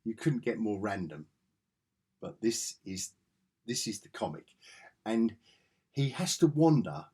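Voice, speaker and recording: A man with a husky, somewhat low voice chats eagerly about comics in a casual review vlog. He takes his time, speaking at an unhurried pace. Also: big pitch swings, mellow. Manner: enthusiastic, chatty.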